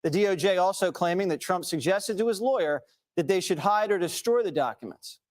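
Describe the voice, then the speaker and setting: A man reading news narration as anchor, brisk and matter-of-fact. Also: high-pitched, lively intonation.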